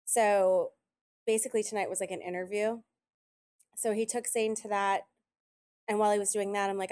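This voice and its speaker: A woman chatting casually on a podcast, telling animated stories and quoting people often. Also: mid-range voice, a little fast. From Italian heritage. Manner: animated storyteller, quotes others often. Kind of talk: casual chat.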